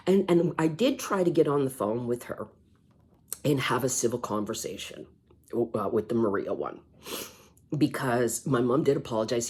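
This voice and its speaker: Sighing, halting woman with a husky voice. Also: extremely low pitch, lively intonation, warm tone. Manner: halting, repeats words, sighs. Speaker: vlogger. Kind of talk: personal emotional vlog.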